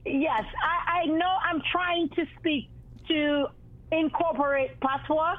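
A woman's voice: high voice, steady tone, takes it slowly. A woman on the radio, hesitantly explaining herself in casual banter. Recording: tinny phone-line audio.

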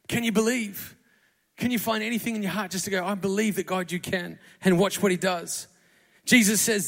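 Aussie pastor guy, fairly high gravelly voice, chatty sermon, acts out the quotes, big church hall reverb. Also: fairly quick, fairly bright tone. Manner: conversational preaching, acts out quotes. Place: church auditorium.

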